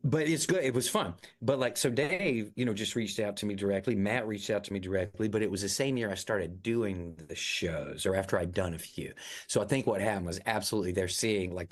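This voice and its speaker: A middle-aged actor talking as an interview guest, upbeat and chatty. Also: male voice, low-pitched. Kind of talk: casual interview chat.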